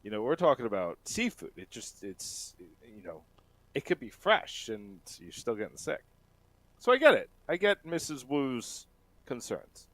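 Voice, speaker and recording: A man's voice: medium pitch, huge pitch swings, measured pace, a bit bright. A man co-hosting a casual chat, wandering through a long story with plenty of restarts and fillers. His voice rises and falls a lot as he talks. The sound is dry, with no room echo. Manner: rambling, many restarts and fillers.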